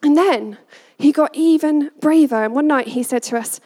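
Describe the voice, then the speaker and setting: A woman shares a family story in a lively storytelling talk, often laughing and slipping into quoted voices. Her voice sits high. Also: normal speed. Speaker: parent giving a message.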